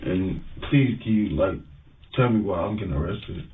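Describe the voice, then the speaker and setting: A man's voice: low-pitched, moderate pace. A young man in a police interview room, pleading with officers and calling them sir over and over. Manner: pleading, repeats himself, calls officers sir. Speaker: arrested suspect. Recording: tinny distant bodycam audio.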